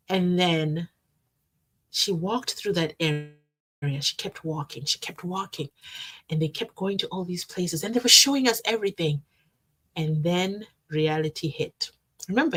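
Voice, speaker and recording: A woman hosting a casual live stream, chatting animatedly and reading out viewer comments. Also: lowish voice. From South Africa. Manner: animated, chatty, breaks into sing-song.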